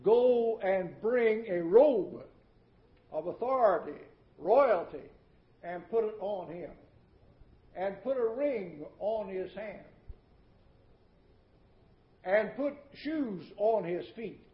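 A man voicing a joyful, forgiving old father who calls out orders to his servants in a loud, slow proclamation. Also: sits high, animated. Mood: proclaiming. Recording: echoey, dull old recording.

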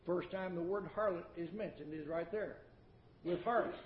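A man preaching a sermon in a church, folksy and emphatic, swinging between loud declaiming and hushed asides, repeating words for effect. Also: high voice, moderate pace, a little hiss or hum. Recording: echoey, dull old recording.

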